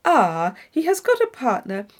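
A woman doing a high fussy older lady. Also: huge pitch swings, measured pace, heavily acted. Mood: chattering.

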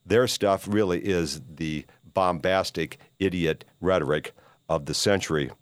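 A man's voice: low voice, a little slow, no room sound. An older man hosting a podcast, delivering a rambling, opinionated monologue full of "uh" fillers and emphatic rhetorical questions. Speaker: podcast host.

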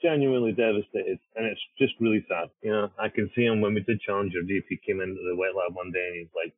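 A man's voice: on the low side, steady tone, fast, no room sound. A man co-hosting a podcast from a research ship over a satellite call, talking in a rambling way and repeating himself. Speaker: podcast co-host, deep-sea scientist. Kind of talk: casual talk over satellite link. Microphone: satellite internet call. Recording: narrow phone-like call line.

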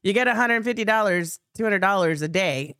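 A woman's voice: mid-range voice, a little fast, a bit bright, clean tone, no echo, studio quality. A middle-aged woman co-hosting a podcast, talking matter-of-factly in casual chat and often setting the record straight. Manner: correcting, matter-of-fact. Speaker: podcast co-host.

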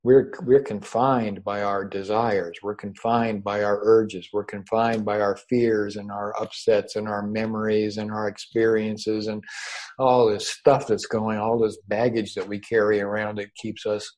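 Guy giving a calm spiritual talk on a video call, soft warm low-ish voice, slow and reassuring, says stuff twice. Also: low-quality recording. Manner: unhurried, repeating words, gently reassuring. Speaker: spiritual teacher. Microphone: own microphone over a video call.

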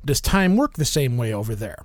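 A man hosting a casual interview, telling stories in an animated way and laughing often. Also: medium pitch, a little fast, crowd noise. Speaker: podcast host.

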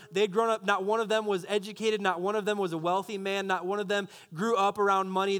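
A man preaching a sermon to a room of listeners in a conversational, animated way, acting out the voices of people he quotes. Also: high-pitched. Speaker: pastor.

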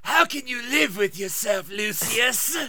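A man voicing a male dark lord wizard in a throaty, raspy voice, drawing his lines out slowly. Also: sits high, animated, dry recording, exaggerated voice. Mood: menacing. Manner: slow, drawn-out villain lines.

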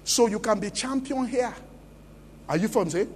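A man's voice: sits high, normal speed, big-room sound, a little hiss or hum. A Nigerian man preaching a sermon as pastor at a church conference, emphatic and often asking the congregation questions. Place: large church conference hall.

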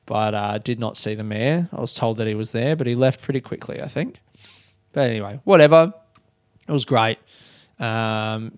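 Australian man in his thirties, smooth clear voice, dry close sound, rambling sweary podcast host. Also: mid-range voice, no room sound. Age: 30s. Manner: rambling, swears freely, acts out shouts. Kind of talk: casual solo storytelling.

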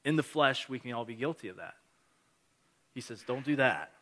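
A man's voice: medium pitch, expressive, moderate pace, fairly bright tone. A male pastor giving a conversational sermon, earnest and encouraging, mixing scripture reading with everyday stories.

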